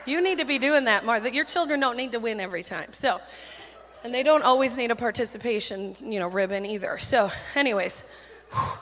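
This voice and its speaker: A woman giving a sermon full of stories, talking in a chatty, animated, self-deprecating way with quick asides on a handheld mic in a church. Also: on the high side, slight background noise. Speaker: children's ministry speaker. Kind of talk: sermon with storytelling. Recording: church hall reverb.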